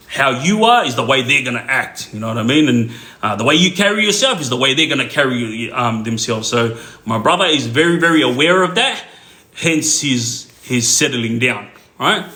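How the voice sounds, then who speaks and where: A man's voice: mid-range voice, animated, moderate pace, sharp tone. Man telling a rambling story. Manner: rambling, filler-heavy, laughs at his own story. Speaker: livestream storyteller. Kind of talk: casual storytelling on a livestream. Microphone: phone. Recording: roomy echo.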